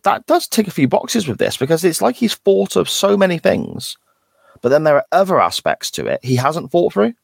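A man co-hosting a podcast, joking and animated as he talks about an episode, with loud laughing asides. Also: a little high, moderate pace, gravelly, slightly rough, no echo, clean studio sound. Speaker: podcast co-host. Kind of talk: casual chat about a TV episode.

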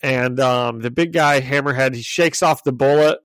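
A man's voice: mid-range voice, moderate pace, fairly bright tone, no echo. A man co-hosting a podcast, chatting and laughing as he recaps a comic, often restarting his sentences. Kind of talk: casual chat.

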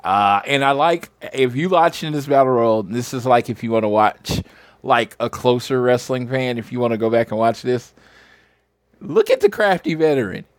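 A man's voice: medium pitch, big pitch swings, normal speed, no room sound. Man, podcast co-host, loose filler-heavy wrestling chat, dry close sound.

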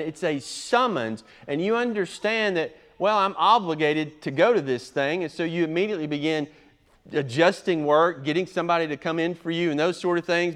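A man delivering an expository sermon from the pulpit, his voice pitched a little high and notably smooth and resonant. He moves methodically through his points and swings between quiet asides and forceful, loud emphasis. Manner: emphatic, methodical preaching with sharp swings in loudness. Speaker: pastor.

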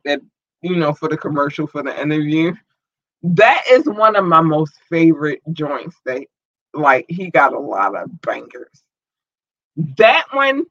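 Woman, livestream rant, bright forceful voice, heated and profane, dull lo-fi dry audio. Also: sits low, dry recording. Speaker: livestream host.

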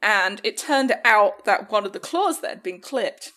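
A woman co-hosting a podcast, chatting casually and telling lively stories in which she acts out what people said. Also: mid-range voice, a little slow. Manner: animated storyteller who acts out voices. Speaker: podcast co-host. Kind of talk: casual chat.

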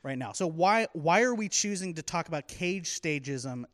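Guy cohosting a podcast, kinda high voice, laughs a lot, joking around. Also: lively intonation, moderate pace, fairly bright tone. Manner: laughs often, playful teasing. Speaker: podcast co-host. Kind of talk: casual chat.

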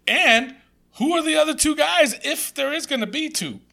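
A man co-hosting a podcast in casual chat, animated, swearing freely and laughing often. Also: extremely high pitch, moderate pace, creaky. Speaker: podcast co-host.

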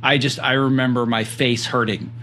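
A man's voice: medium pitch, level tone, normal speed, sharp tone. A man hosting an interview, enthusiastic and rambling in his questions, talking over a video call. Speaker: podcast host. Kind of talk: casual interview talk. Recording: video call with faint background hiss.

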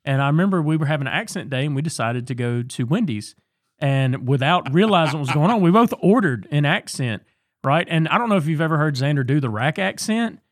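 A man's voice: fairly high pitch, lively intonation, fairly quick, no room sound. Easygoing man with a raised voice, dry mic. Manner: easygoing anecdotes. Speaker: podcast co-host. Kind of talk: casual chat about tabletop gaming.

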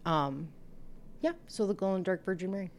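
A woman's voice: on the low side, a little fast. A middle-aged woman co-hosting a casual podcast chat, swearing freely and acting out quotes as she tells stories. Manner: profane, storytelling, acts out quotes. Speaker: podcast co-host.

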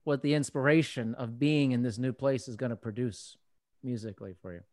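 A man chatting as a podcast guest over a video call, talkative and quick to laugh. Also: medium pitch, steady tone, darkish tone, no echo, clean studio sound. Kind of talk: casual chat.

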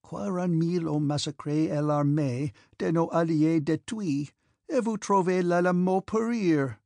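A man's voice: a little high, measured pace, creaky, darkish tone, dry recording, clean studio sound, voice pushed up. A man voicing a proud young male prince who speaks sharply and indignantly, in an audiobook reading. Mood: scornful.

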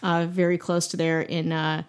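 A podcast host from Wisconsin tells a ghost story in a casual, playful way, tossing in joking asides. Her lowish voice is smooth and flat, at a moderate pace.

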